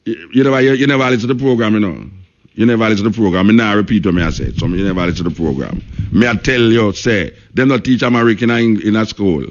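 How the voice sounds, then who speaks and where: A man's voice: on the low side, fast talker, highs cut off. A man with a Jamaican accent hosting a radio talk show, speaking emphatically, repeating points and saying "you know" often.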